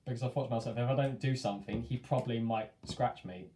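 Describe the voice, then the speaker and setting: A man's voice: medium pitch, fairly even intonation, quick pace, mellow, slight background noise. A young man telling a rambling, chatty story, dropping in lots of "like" and laughing at himself. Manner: rambling, chatty, self-amused, heavy on filler "like". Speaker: vlogger. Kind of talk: casual storytime monologue. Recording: echoey room.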